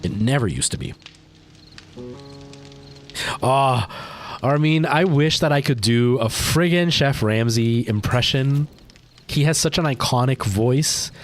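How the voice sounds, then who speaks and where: A man livestreaming a game, chatting casually and rambling to his chat while he plays. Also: mid-range voice. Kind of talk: casual gameplay stream chat.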